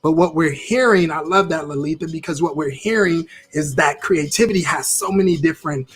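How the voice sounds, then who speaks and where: A man's voice: a little high, brisk, breathy edge. A man teaching a live-streamed interactive class on creativity, upbeat, repeating phrases as he reacts to viewer comments.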